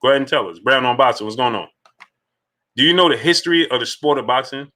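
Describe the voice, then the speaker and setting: Man, boxing livestream host, bright voice, reads chat names, rhetorical questions. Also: medium pitch, fast talker. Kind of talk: live-stream commentary reading chat.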